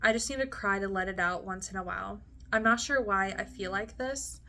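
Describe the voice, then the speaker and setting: Woman vlogger, late twenties, bright voice, reads her old diary with giggles and chatty asides. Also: medium pitch, brisk. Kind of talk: casual diary reading with commentary.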